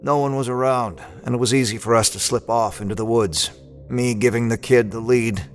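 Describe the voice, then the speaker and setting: A man's voice: medium pitch, steady tone, brisk, soft background music. A man narrating an audio drama in the first person, with a folksy old-timey drawl and a laid-back, wry manner.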